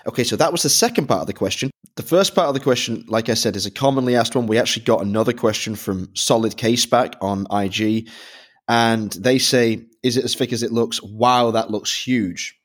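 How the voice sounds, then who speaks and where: A man's voice: mid-range voice, fairly quick. A man from Britain co-hosting a podcast, explaining a product review in methodical detail. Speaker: podcast co-host.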